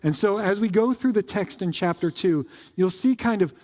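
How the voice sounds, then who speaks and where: A man preaching a casual, joking sermon as pastor, with quick asides to the congregation. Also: high voice, lively intonation, warm tone, in a large hall. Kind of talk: conversational sermon. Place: church sanctuary.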